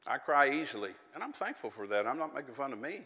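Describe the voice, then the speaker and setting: A man's voice: mid-range voice, very animated, quick pace, bright, forceful tone, long reverb tail. A man preaching a sermon in a folksy, conversational way, with chatty asides and little laughs.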